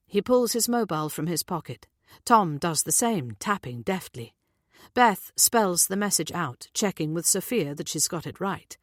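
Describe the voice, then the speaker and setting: A woman narrating an audiobook in a measured, even reading style. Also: lowish voice, dry recording, clean studio sound. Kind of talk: scripted narration.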